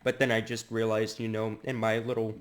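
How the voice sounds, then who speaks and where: A man's voice: on the low side, level tone, fairly quick. A man giving joking commentary asides in a mock-serious, self-mocking way.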